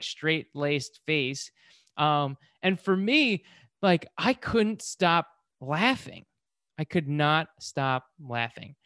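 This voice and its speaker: A man telling a personal story in an animated motivational monologue, with lots of fillers, acting out his own excited screams. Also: fairly high pitch, no room sound, clean studio sound.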